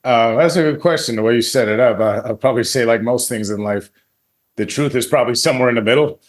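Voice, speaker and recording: A man co-hosting a podcast, weighing his opinion thoughtfully with many restarts and pauses. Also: mid-range voice. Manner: thoughtful, halting with restarts and fillers. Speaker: podcast co-host. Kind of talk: casual discussion.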